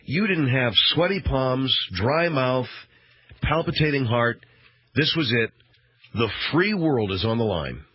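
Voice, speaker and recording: A man's voice: medium pitch, expressive, measured pace, husky, dry recording. A man hosting a radio talk show, rambling through a sarcastic, mock-outraged monologue. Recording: dull, dry radio broadcast.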